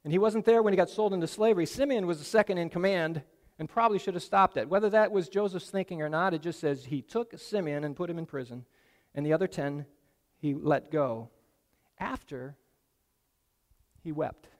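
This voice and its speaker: A man preaching a sermon, retelling a story in a casual, animated way with asides to his listeners. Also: on the high side, fairly quick, in a large hall. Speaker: pastor.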